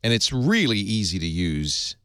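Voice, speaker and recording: A man's voice: fairly low pitch, very animated, moderate pace, a bit bright, clean tone, dry recording, clean studio sound. A man hosting a tech podcast, chatting casually and reading an ad, jokey and laughing often. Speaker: podcast host. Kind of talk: casual tech podcast chat and host-read ad.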